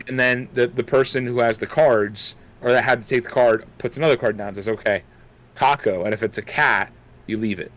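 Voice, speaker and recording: A man's voice: medium pitch, fairly even intonation, fairly quick, a bit bright, a little hiss or hum. A young man co-hosting a casual gaming podcast, rambling with lots of fillers while chewing gum. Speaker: podcast co-host.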